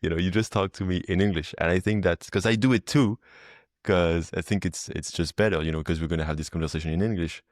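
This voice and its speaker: A man's voice: sits low, fairly even intonation, fast, no room sound, clean studio sound. A French man hosting a podcast interview, chatting casually in English with a French accent and many fillers. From France. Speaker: podcast host. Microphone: video call.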